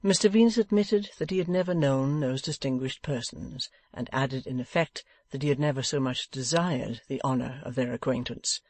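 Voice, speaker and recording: A man with a mid-range voice narrates a classic novel for an audiobook, telling the story in a measured, even manner. The recording is dry.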